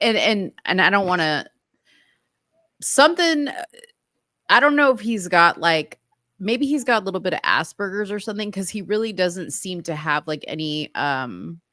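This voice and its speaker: A chatty woman co-hosting a casual talk show, rambling as she thinks aloud. Her voice sits a bit low for a woman. The recording is dry and close. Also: fairly bright tone, no room sound. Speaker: podcast co-host. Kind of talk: casual chat.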